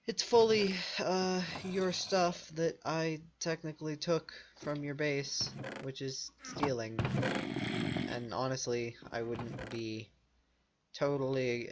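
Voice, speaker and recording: A man's voice: mid-range voice, background noise. A man from the United States giving casual, rambling gameplay commentary, full of fillers and self-corrections. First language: English.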